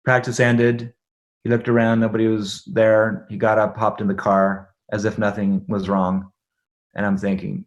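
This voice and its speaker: A middle-aged man, a guest in an interview, telling a personal family story in an animated way, laughing along and checking in with his listener. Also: on the low side, normal speed, lo-fi sound.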